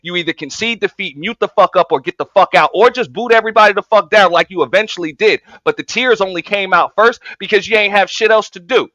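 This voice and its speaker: Brief: man in a heated online debate, high, bright voice, taunting and profane. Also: fast talker, hardly any pauses, dry recording, highs cut off. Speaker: panel participant. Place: online audio space.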